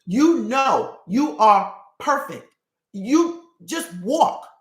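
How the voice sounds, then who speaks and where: A woman coaching her live stream viewers through a spiritual ritual, earnest and quick, repeating phrases as she goes. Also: a little high, very animated. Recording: roomy echo.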